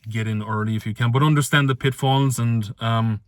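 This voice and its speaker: A man's voice: mid-range voice, a little fast, dry recording. Man ranting to camera, dry sound. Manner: energetic, emphatic, repeats phrases; swears casually. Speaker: online business vlogger. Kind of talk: motivational rant to camera.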